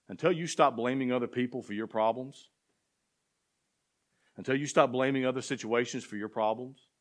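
A man preaching a sermon to a church as pastor, asking the congregation questions and building to emphatic passages. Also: medium pitch. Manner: preaching with rising intensity and call-and-response questions.

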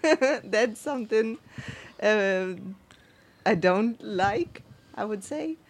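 A woman's voice: medium pitch, animated, drawn-out words. A woman joining a casual chat, answering thoughtfully and hesitantly with many fillers and small laughs.

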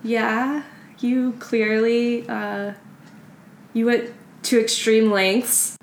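A woman guest joins a casual film chat. Her voice sits a little high as she quotes characters in playful mock voices. Faint noise runs underneath. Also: level tone, very slow, rough recording. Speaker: podcast guest.

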